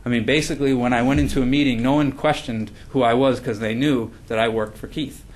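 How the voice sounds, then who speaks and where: A man's voice: medium pitch, steady tone, fairly quick. Man giving a book talk. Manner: frequent fillers and restarts, earnest. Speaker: author presenting his book.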